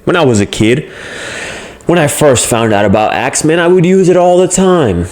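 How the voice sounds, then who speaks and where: A man's voice: a little high, expressive, normal speed, darkish tone. A young man giving blunt, casual motivational advice as a self-improvement host, swearing freely and coaching his viewers. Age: young adult.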